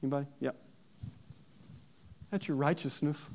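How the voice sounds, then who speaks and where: A man preaching a sermon. He moves from hushed storytelling to loud, emphatic preaching and asks the audience questions. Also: on the high side, steady tone, normal speed. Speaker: pastor.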